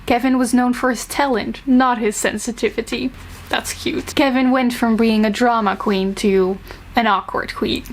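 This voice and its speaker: A woman's voice: fairly high pitch, fairly even intonation, normal speed. A woman reviewing books casually, reading excerpts aloud, gushing and self-mocking and often laughing. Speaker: book reviewer.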